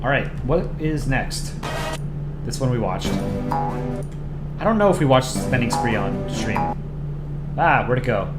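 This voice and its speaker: A man's voice: mid-range voice, animated, slow pace, pauses often, reverberant, over loud music. A man hosting a livestream, chatting in a rambling way with lots of fillers and little laughs. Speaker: livestream host. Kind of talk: casual livestream commentary.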